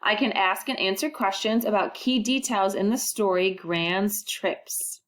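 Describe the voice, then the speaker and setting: A woman teacher records a phonics lesson for first graders. She speaks slowly and sounds out each vowel clearly. She keeps prompting the children to repeat after her and encourages them as they go. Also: medium pitch, fairly bright tone.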